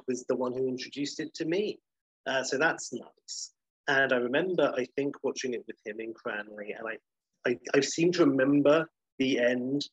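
In a lo-fi recording with no room sound, a man co-hosting a podcast talks casually, enthusiastic and rambling, often correcting himself. His voice is medium in pitch with a breathy edge.

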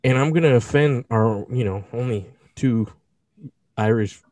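A young man co-hosting a podcast, animated and jokey, swearing freely in casual chat. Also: mid-range voice, unhurried, dry recording. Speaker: podcast co-host.

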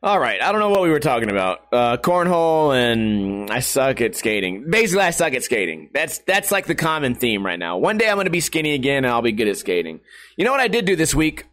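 A man's voice: mid-range voice, big pitch swings, a little fast, fairly bright tone. A man in his thirties rambling casually in a vlog, crude and self-mocking, swearing often and laughing at himself. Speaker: vlogger.

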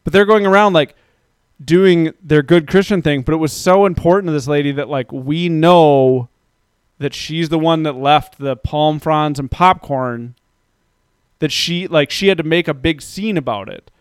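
Man ranting about a neighbor, smooth voice. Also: fairly high pitch, unhurried, dry recording, clean studio sound. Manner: ranting, profane, gets heated and loud when recounting. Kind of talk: casual storytelling.

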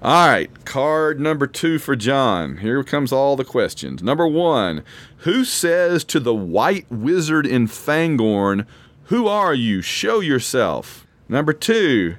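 A man's voice: mid-range voice, fairly bright tone. A man hosting a casual trivia quiz, rambling and self-deprecating as he reads questions and reacts. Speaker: quiz host.

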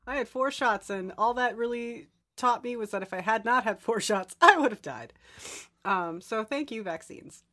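A woman's voice: on the high side, animated, normal speed, a bit bright. A woman hosting a casual podcast chat, reading out listener mail with giggly, self-deprecating asides.

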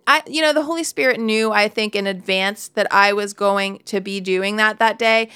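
A woman's voice: a little high, sharp tone, clear, resonant tone, no room sound. A woman in her forties giving a candid devotional Bible talk, telling a personal story with laughs and asides, into a close studio mic.

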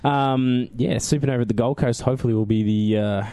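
A man's voice: mid-range voice, fairly even intonation, fast talker, dark tone, no echo. A man, a guest on a podcast, talking in a laid-back, hesitant way with many ums. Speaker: guest, comic creator. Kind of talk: casual interview chat.

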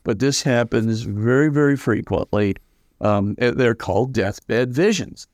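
An older man, a priest as guest, telling stories in an animated way and acting out the voices of the people in them. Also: medium pitch, measured pace, dry recording, studio quality. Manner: lively, acts out quoted voices, many fillers. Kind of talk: animated anecdotal storytelling.

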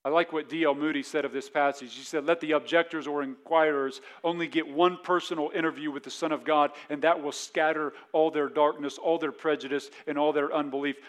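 Male pastor, slightly high voice, chatty sermon delivery with frequent restarts. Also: steady tone, a little fast, few pauses. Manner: conversational preaching, repeats words when restarting.

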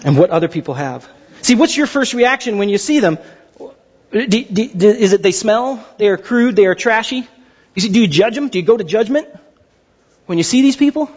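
A man's voice: high-pitched, expressive, moderate pace, breathy edge, muffled recording. A man preaching a sermon as pastor, emphatic and full of rhetorical questions.

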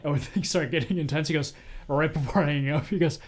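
A man's voice: a little high, fast. A man talks through his take on a film's characters in an easy, conversational way. He hedges his opinions and swears casually as he goes. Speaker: podcast co-host discussing a film. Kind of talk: casual chat.

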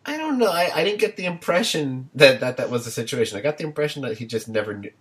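A man's voice: mid-range voice, fast. A man hosting a podcast in casual chat, joking and steering the talk to grades. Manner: lively, joking, leads the talk. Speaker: podcast host.

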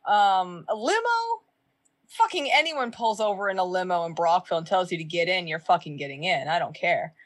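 A woman's voice: on the low side, fairly even intonation, fast, hardly any pauses. A woman from Canada in casual podcast chat, laid-back and frank, swearing casually.

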